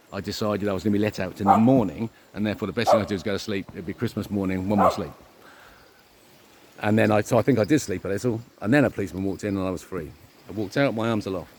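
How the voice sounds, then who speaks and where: Rambling, swearing man, low voice. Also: slight background noise. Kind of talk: casual monologue.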